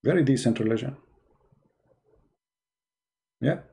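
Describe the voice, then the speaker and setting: A man's voice: mid-range voice, takes it slowly, vocal fry, warm tone. A man hosting a live stream, talking casually in a mocking way in broken English and telling a joke.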